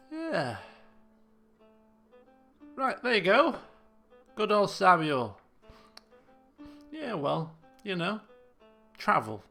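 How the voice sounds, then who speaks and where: Give me a chatty man doing live game commentary, gravelly and animated, over faint guitar. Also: high voice, very slow, pauses often. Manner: chatty, self-mocking, frequent restarts and laughs. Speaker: streamer. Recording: faint guitar music behind.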